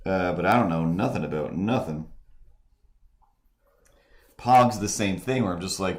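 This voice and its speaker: A man hosting a live stream, chatting casually and rambling with many halting restarts and fillers. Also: sits low. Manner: mimics voices in quoted asides. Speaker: streamer and host.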